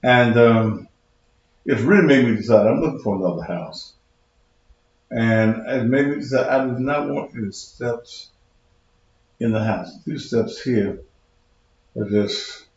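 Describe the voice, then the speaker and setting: A man's voice: on the low side, unhurried, long pauses, darkish tone, heavy reverb, dull audio. A man hosting a talk show in a loose, emphatic monologue, a little out of breath. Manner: loose, conversational, emphatic with repetition.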